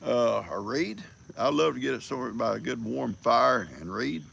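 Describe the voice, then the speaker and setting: A man's voice: mid-range voice, normal speed, a bit bright. An older man, chatting casually on a livestream, a folksy storyteller who rambles and chuckles. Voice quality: gravelly. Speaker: livestream host.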